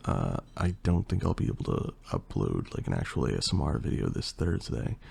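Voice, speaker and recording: A young man with a hoarse, partly lost voice, chatting casually and rambling through a Q&A as an ASMR creator. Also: very deep voice, brisk. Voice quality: gravelly and husky. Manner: relaxed, rambling, with fillers and swearing. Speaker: ASMR creator answering questions. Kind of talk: casual Q&A chat.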